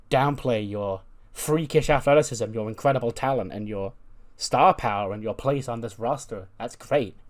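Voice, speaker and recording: Man retelling wrestling promos with fillers. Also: mid-range voice. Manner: quick, filler-heavy retelling, slips into character lines. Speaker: let's-play narrator. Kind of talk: casual narration of a wrestling sim with quoted promos.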